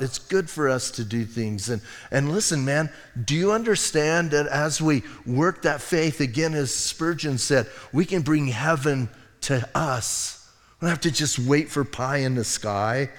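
Brief: male pastor, slightly high voice, chatty storytelling sermon, long hall reverb. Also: fairly bright tone. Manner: conversational storytelling preaching with asides and restarts. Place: church sanctuary.

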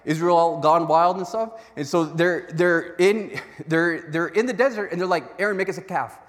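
Animated pastor with a higher voice. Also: male voice, moderate pace, big-room sound. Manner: animated storytelling with acted-out voices. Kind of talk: sermon.

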